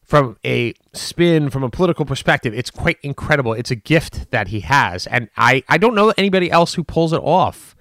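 A man giving unscripted political commentary, animated and emphatic, with frequent restarts and fillers. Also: medium pitch, a little fast, no room sound, studio quality.

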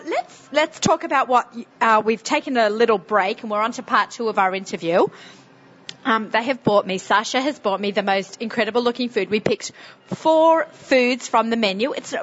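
A woman's voice: a little high, a bit bright. Chatty woman with a strong Sydney accent. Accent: Sydney Australian. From Australia. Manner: chatty, laughs often, quick asides. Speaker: radio show host. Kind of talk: casual interview. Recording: slightly muffled recording.

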